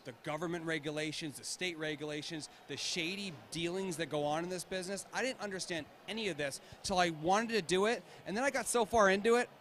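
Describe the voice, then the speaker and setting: A man's voice: high-pitched, fairly quick, hardly any pauses, fairly bright tone, a little hiss or hum. A man founding a vodka brand, talking casually in an interview and laughing often. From United States. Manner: enthusiastic, laughs often, repeats words.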